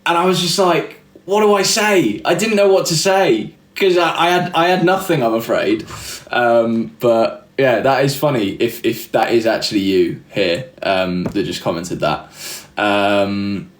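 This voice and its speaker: A young man hosts a casual livestream, telling rambling, self-deprecating stories. His voice sits at a middling pitch. The sound is roomy, with a noticeable echo. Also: fairly even intonation, a little slow. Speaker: livestream host. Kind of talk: casual chat reading live comments.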